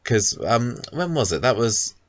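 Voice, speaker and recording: A man's voice: medium pitch, very animated, a little slow, no echo, dull audio. A man co-hosting a casual podcast, talking about a soap character with lots of ums and restarts. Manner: hesitant, many ums and restarts. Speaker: podcast co-host.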